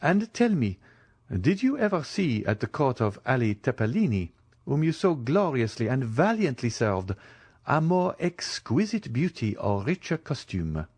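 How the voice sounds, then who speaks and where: A male narrator raises his voice into an effusive, flattering baroness from an old novel, lilting and showy, the pitch swinging up and down over a very dry, close sound. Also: measured pace, slightly rough, dry recording, heavily acted. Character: scheming wealthy baroness, gushing.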